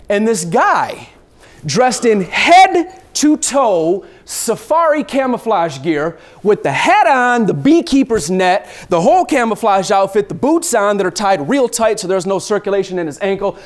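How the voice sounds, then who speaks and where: Animated man telling a travel story. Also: high-pitched. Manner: lively, acts out scenes, mixes in swearing.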